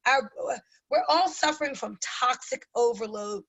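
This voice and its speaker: High-pitched female webinar host, energetic and persuasive, pitching products to guests. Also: measured pace, poor audio. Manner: emphatic, persuasive, addresses listeners as guys. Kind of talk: enthusiastic sales pitch.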